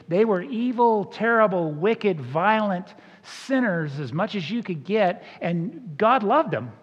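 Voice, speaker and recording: A man preaching a sermon as a pastor, conversational and emphatic, with casual asides to the congregation. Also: high-pitched. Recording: dull sound with long hall reverb.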